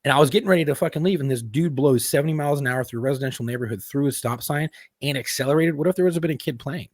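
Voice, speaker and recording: A man co-hosting a podcast, a former police officer telling fast, profane stories and acting out the people in them. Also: mid-range voice, dry recording, studio quality. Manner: fast, profane, animated retelling with voiced quotes. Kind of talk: casual storytelling.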